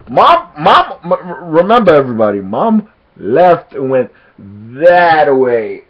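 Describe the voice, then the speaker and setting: The recording has its highs cut off as this man, of Jamaican heritage, slowly tells a casual story to the camera in a fairly high voice. He laughs a lot and performs other people's lines with animation.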